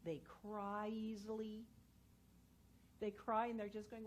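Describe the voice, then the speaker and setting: A woman's voice: mid-range voice, steady tone, unhurried, long pauses, a little hiss or hum, rough recording. Earnest woman speaker telling personal stories. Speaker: guest speaker and educator. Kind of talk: inspirational talk to an audience. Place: spiritual centre hall with a live audience.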